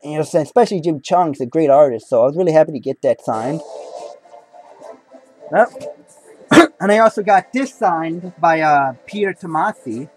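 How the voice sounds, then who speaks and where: A man's voice: a little high, expressive, normal speed, long pauses, a little mellow, faint music behind, low-quality recording. A young man in casual video chat, rambling about signed comics, repeating himself and saying "folks" and "you know" a lot. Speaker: comic collector vlogger. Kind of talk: casual haul video talk.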